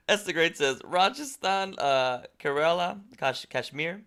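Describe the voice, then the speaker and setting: A man's voice: on the high side, animated, slow pace, bright, forceful tone, clear, resonant tone. A young man streaming a game, reading viewer messages aloud and chatting back casually. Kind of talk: casual live-stream chat.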